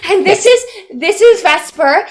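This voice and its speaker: A woman's voice: very high voice, animated, measured pace. Woman playing a giddy shy adventurer. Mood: gushing. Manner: gushing and giggly. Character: shy emotional young adventurer.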